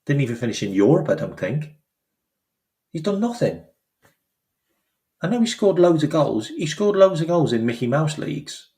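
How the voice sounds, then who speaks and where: A man's voice: fairly high pitch, normal speed, long pauses. A man hosting his own channel, talking in a casual, emphatic way and repeating phrases for effect. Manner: animated, emphatic, repeats phrases, acts out quoted voices. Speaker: football channel host. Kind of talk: casual opinion commentary.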